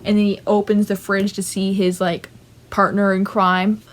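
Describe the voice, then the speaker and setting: A woman's voice: mid-range voice, moderate pace. Chatty young woman vlogger. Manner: chatty, animated, lots of fillers and asides. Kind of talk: casual ranking vlog.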